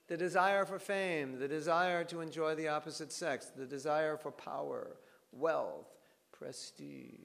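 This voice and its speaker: A man giving a devotional scripture class, telling stories in an animated way and acting out bits of dialogue. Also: medium pitch, vocal fry, big-room sound.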